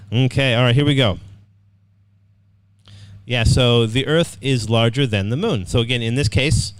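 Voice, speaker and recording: An upbeat man teaches an online class over a computer microphone, with a voice of ordinary middle pitch. He often repeats himself and checks in with the students. The sound is dry and close. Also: unhurried, long pauses, clean tone, dry recording. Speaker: English writing teacher.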